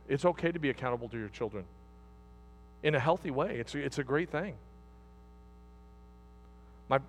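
High-voiced preacher man, folksy and repeating. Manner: folksy, repetitive, swings from soft asides to loud exhortation. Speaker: pastor. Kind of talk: sermon.

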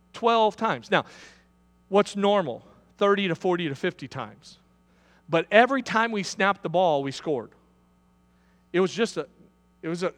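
A middle-aged man preaching a sermon, telling a story and calling on his listeners directly, often rising into loud, high preaching. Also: in a large hall. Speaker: pastor.

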